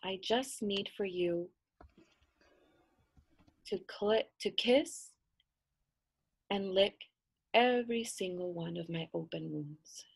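A woman voicing an old wounded grandmother spirit in a told folk tale, speaking slowly and softly in a cryptic way. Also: medium pitch, slightly rough. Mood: coaxing. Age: over 60.

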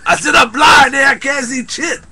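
A man's voice: very high voice, big pitch swings, moderate pace, vocal fry, bright, forceful tone, exaggerated voice. A man doing a goofy stoner tagging "eh". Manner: tags "eh" onto lines, goofy and drawling. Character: laid-back stoner guy who ends lines with "eh". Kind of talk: improvised comedy sketch.

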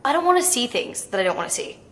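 A teenage girl telling stories casually in an interview, chatty and animated, with plenty of filler words. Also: a little high, fast talker. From United States. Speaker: actress interviewee.

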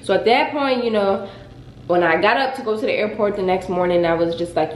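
A young woman casually telling a dramatic story on her vlog, in a lively, expressive way. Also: mid-range voice, brisk, slight background noise. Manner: dramatic, animated retelling. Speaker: vlogger. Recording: echoey room.

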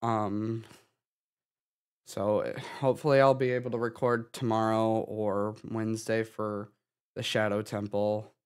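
A young man giving a halting personal update to his channel, sighing and restarting his sentences, tearful from crying. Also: on the low side, level tone, clean tone. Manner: halting, with many restarts and sighs. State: tearful, having been crying. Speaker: gaming YouTuber.

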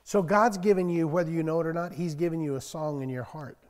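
Heard with a long reverb tail, a pastor in his sixties talks fast in a slightly high, steady voice. He delivers a conversational sermon to a small church, spinning folksy stories and raising his voice in bursts of loud emphasis on scripture.

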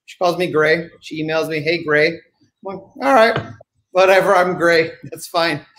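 A man's voice: fairly high pitch, fairly even intonation, moderate pace, a bit bright. A man co-hosting a podcast, chatting in a wry, offhand way. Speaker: podcast co-host. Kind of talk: casual chat.

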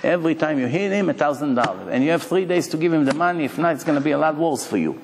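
A man voicing a fair-minded king from a parable, handing down a verdict in brisk, commanding phrases. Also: a little high, lively intonation, creaky, slight background noise. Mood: stern. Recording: long hall reverb.

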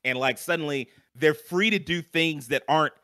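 Man, young adult, podcast co-host, casual chat, bright forceful voice, animated, swears, dry close mic. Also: on the high side, normal speed, dry recording. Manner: animated, swears freely, frequent fillers.

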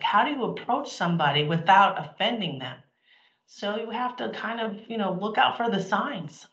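A woman's voice: medium pitch, a bit bright. A middle-aged woman giving a candid, emphatic motivational talk to an audience, acting out the things people said. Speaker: speaker. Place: event hall. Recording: roomy, dull lo-fi sound.

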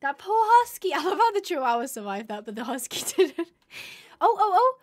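Woman, live game streamer, expressive chatter, high pitch. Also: moderate pace. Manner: expressive, swings from glum muttering to shrieking distress. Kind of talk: live gameplay commentary.

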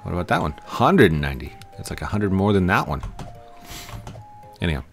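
Deep-voiced man playing a game. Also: very animated, a little fast, creaky, soft background music. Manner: playful, acts out little scenes and sound effects. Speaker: gaming YouTuber. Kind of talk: casual gameplay commentary.

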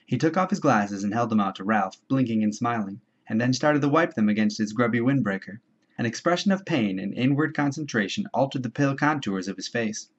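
Guy reading a book aloud, steady and even, mid voice, kinda dull lo-fi sound. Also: mid-range voice. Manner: measured, steady storytelling. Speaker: audiobook reader. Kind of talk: novel read aloud. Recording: dull lo-fi home recording.

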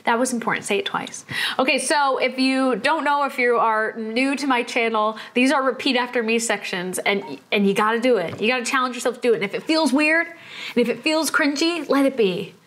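Young woman vlogging, bubbly and hyped, kinda high voice, cheering you on. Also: a little fast, a bit bright. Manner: bubbly, enthusiastic, encouraging. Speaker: vlog host. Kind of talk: upbeat motivational vlog talk.

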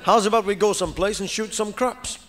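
A man's voice: sits high, fairly even intonation, a little fast, fairly bright tone, some chatter behind, slight background noise, pitched above the performer's own voice. A man putting on a brash flirty guy.

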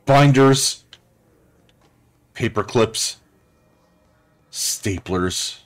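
A man's voice: medium pitch, extremely slow. A man hosting a let's play, giving casual gameplay commentary with sarcastic jokes and frequent swearing. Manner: joking, sarcastic, swears a lot.

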